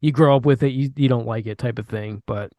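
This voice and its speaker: A man's voice: mid-range voice, fairly quick, mellow, no room sound. A man hosting a casual interview over a video call, talking in a laid-back, easygoing way. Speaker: host.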